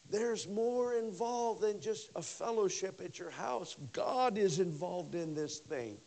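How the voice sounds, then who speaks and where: High, lively-voiced male preacher. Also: takes it slowly, creaky, hardly any pauses, a little hiss or hum. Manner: animated preaching, swinging from loud bursts to hushed lines; conversational, with many repeats and "you know". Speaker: pastor. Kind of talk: revival sermon. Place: church service.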